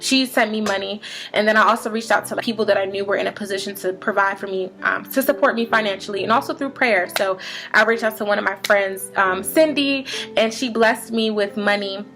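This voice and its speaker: A woman's voice: mid-range voice, a little fast, a bit bright, soft background music. A woman in her twenties telling a casual personal testimony about faith, chatty and full of "um" and "like". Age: 20s. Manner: chatty, many fillers like "um" and "like". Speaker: vlogger sharing a faith testimony.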